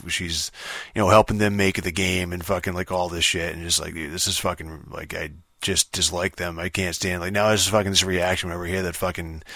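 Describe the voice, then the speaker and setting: Man with a low, flat voice and dry recording; annoyed, dismissive rambler, swears nonstop. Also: no room sound. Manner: profane, rambling, heavy filler words. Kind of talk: casual ranting monologue.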